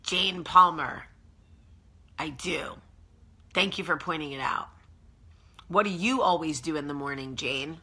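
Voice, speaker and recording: A woman's voice: low-pitched, measured pace, long pauses, bright, forceful tone, breathy edge. A woman with a New Jersey accent hosting a casual morning vlog at home, chatty and emphatic. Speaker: host.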